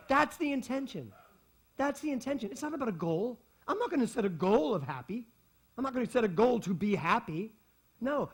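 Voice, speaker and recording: Animated, husky-voiced male pastor. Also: high-pitched. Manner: animated, repeats key lines for emphasis, playful asides. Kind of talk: sermon. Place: spiritual center service hall with congregation.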